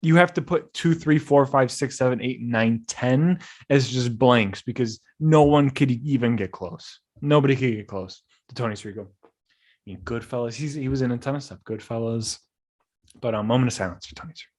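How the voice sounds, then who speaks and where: A young man hosting a podcast, rambling through animated stories full of restarts. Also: mid-range voice, moderate pace. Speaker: podcast host. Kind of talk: casual chat.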